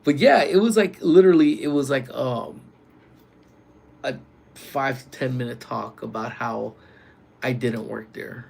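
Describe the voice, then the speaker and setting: A man working security, chatting casually with viewers on a live stream from work, using relaxed slang and calling out loud greetings to people joining. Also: medium pitch, unhurried, creaky, long pauses. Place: workplace community center.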